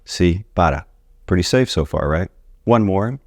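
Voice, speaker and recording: A man with a low voice gives a casual video lesson on Spanish grammar and talks straight to his viewers in a friendly, chatty way. The sound is dry and close, with no room in it. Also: animated, measured pace, a little mellow, no room sound. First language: English. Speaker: Spanish teacher.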